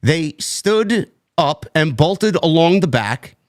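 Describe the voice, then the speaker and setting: A man co-hosting a wrestling talk show, reading a news report aloud in a measured way with chuckled asides. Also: a little high, expressive, dry recording, clean studio sound. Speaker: podcast co-host.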